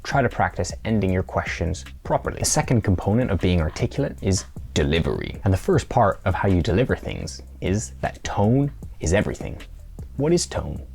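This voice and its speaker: A man's voice: sits low, sing-song, a little fast, vocal fry, a little mellow, faint music behind. A man presenting a scripted tutorial in a playful way, now and then acting out little mock conversations. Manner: playful, acts out mock dialogue.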